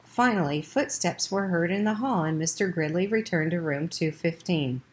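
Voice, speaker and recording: A woman's voice: lowish voice, normal speed. A woman reading a children's chapter book aloud in a plain amateur audiobook style, with small slips. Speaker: audiobook reader.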